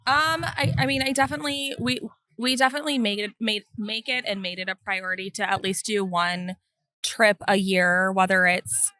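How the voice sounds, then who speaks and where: A woman in her forties, a co-parenting mom, talking reflectively in casual chat with many pauses and fillers. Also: mid-range voice, fairly even intonation, bright, forceful tone, no room sound, studio quality.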